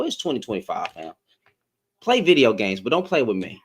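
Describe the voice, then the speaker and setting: Male streamer, confrontational, lively swings in pitch, mid-range voice. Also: fairly quick, slight background noise. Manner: animated, confrontational, slangy. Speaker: live-stream host. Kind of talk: heated casual rant.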